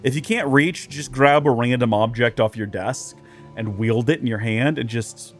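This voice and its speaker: A man's voice: mid-range voice, moderate pace. A man doing casual let's play commentary as a streamer, chatty and rambling with jokes, faint game music behind.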